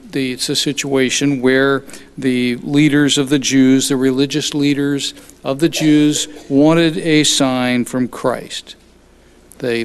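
A man preaching a sermon, explaining scripture in an unhurried way and often restarting his sentences. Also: mid-range voice, clear, resonant tone. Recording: long hall reverb.

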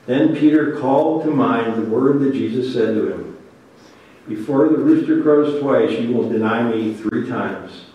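A man's voice: medium pitch, a little mellow, muffled recording, a little hiss or hum. A man preaching a sermon, reading scripture aloud and then commenting on it earnestly. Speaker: pastor. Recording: very echoey room, voice from a distance.

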